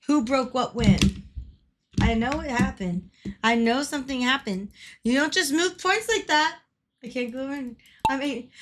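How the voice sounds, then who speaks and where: Female streamer, high and bright, excitable and foul-mouthed, laughs a lot while commentating a live game. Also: slight background noise. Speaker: livestreamer.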